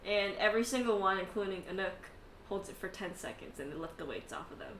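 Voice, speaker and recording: A woman's voice: medium pitch, expressive, quick pace, a bit bright, echoey room, a little hiss or hum. A woman narrating a tabletop game as game master, laughing often and swearing casually between filler words.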